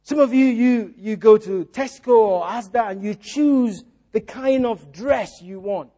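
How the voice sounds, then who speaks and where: Man, preacher, church sermon, high-pitched, repeats phrases, rhetorical questions. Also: unhurried, mellow.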